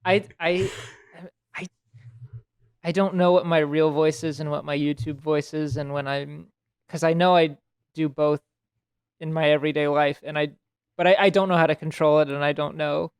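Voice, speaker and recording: A man's voice: on the high side, fairly even intonation, normal speed, long pauses, clear, resonant tone, no echo. A young man hosting a podcast in casual chat, rambling with frequent restarts and self-interruptions. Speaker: podcast host.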